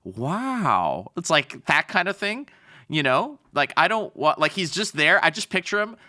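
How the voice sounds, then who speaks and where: A man's voice: high-pitched, expressive, normal speed, sharp tone. A young adult man from Canada co-hosting a podcast, bantering and joking in casual chat. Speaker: podcast co-host.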